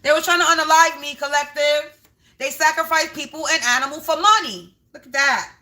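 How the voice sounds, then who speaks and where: Bright high-voiced woman livestreaming. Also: brisk. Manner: emphatic, repetitive, talks straight to viewers. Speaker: spiritual reader livestreaming. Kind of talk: casual livestream card reading. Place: home.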